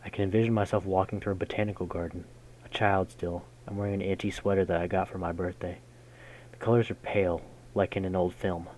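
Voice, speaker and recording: A man reading a game's story text aloud in a measured way, breaking in with casual, slangy jokes as a gaming host. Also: low-pitched, level tone, darkish tone, a little hiss or hum, low-quality recording. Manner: measured narration broken by casual slangy comments. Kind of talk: reading game text aloud with jokey asides.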